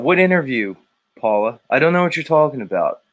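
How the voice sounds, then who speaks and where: A man's voice: medium pitch, very animated, a little fast. A man hosting a casual livestream show, rambling, joking and swearing as he reads viewer comments aloud.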